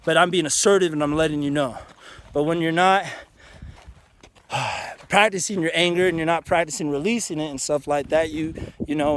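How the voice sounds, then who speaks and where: A man's voice: a little high, slight background noise. A man vlogging outdoors in a canyon, giving a casual motivational talk that is earnest, frank and full of swearing. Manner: earnest, frank and profane, with many restarts.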